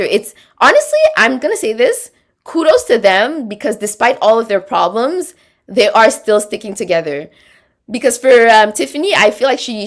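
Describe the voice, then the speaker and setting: Chatty woman rambling through viewer comments. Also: medium pitch. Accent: Quebec French. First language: French. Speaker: livestream host reading chat. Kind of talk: casual livestream chat.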